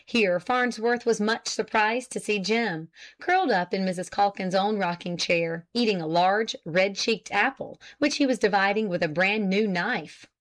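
A woman narrates an old novel for an audiobook. Her reading is steady and measured. Her pitch sits in the middle range for a woman.

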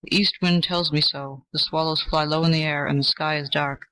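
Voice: medium pitch, steady tone, normal speed, pushed and bright, no echo, low-quality recording. An old oak tree speaks solemnly and lovingly, in old-fashioned words, like a protector out of a storybook, voiced by the narrator. The sound is close and dry. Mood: protective. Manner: solemn, archaic. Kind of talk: storybook reading.

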